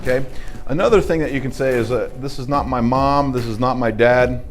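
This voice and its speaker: A man, a martial arts instructor, teaching a children's self-defense class with upbeat coaching and quick praise. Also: mid-range voice.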